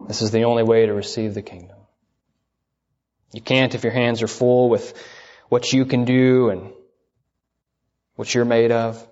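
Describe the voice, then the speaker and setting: A man's voice: medium pitch, level tone, a little slow, pauses often, a little mellow. Emphatic male preacher, muffled sound. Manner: emphatic, repeats key phrases, asks the listeners questions. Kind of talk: sermon.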